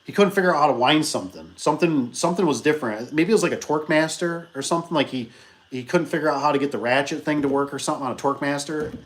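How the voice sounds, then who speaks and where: A man who owns a small business telling a rambling story in an animated, casual way, acting out the people he quotes. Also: a little high, racing. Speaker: business owner vlogger.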